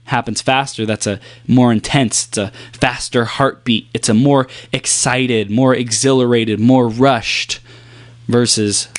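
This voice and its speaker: Emphatic man coaching with dramatic pauses. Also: mid-range voice, steady tone. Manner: emphatic, repetitive, plays with pace and long pauses. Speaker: performance coach. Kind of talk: motivational talk to camera.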